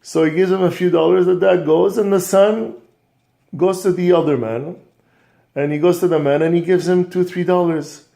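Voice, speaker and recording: A man teaching a scripture lesson, telling a moral story in an animated way with frequent restarts. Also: high-pitched, moderate pace, vocal fry. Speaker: religious teacher and coach.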